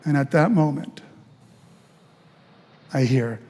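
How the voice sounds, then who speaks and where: Older man, pastor, personal testimony, animated storytelling, restarts, fairly high voice, long church-hall reverb. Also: slow pace. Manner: animated, acts out quoted voices, many restarts. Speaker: pastor giving his testimony.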